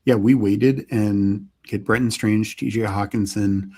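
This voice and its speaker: A man co-hosting a live stream, talking through picks in a measured, analytical way. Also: lowish voice, fairly even intonation, a little mellow, husky. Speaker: podcast co-host. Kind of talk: casual live stream chat.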